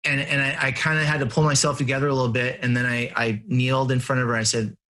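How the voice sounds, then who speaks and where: A middle-aged man, a guest in an interview, telling personal stories in an earnest, animated way and laughing at himself. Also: mid-range voice, fast, hardly any pauses. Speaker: interview guest, family and business coach. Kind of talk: conversational storytelling.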